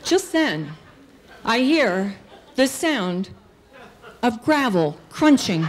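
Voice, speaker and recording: Woman storyteller, slow unhurried delivery, lively rising and falling pitch, on a live stage. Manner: animated, acts out characters' shouts.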